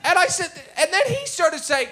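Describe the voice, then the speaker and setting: A Canadian man, a comedian guest, telling a story on stage at a live podcast, animated and laughing as he talks. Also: very high-pitched, moderate pace, some chatter behind. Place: theatre stage before a live audience.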